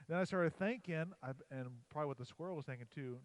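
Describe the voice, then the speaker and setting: A man with a slightly high voice talks at a quick pace on a rough recording. On a church livestream, he casually tells a hunting story and a joke, rambling and chatty, and says "like" often.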